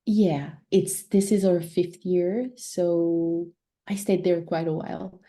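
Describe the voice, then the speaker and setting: A woman in her thirties from Ivory Coast, a native French speaker, telling stories from her life in a relaxed, reflective way as an interview guest. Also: lowish voice, takes it slowly. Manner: reflective, storytelling. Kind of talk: casual interview conversation.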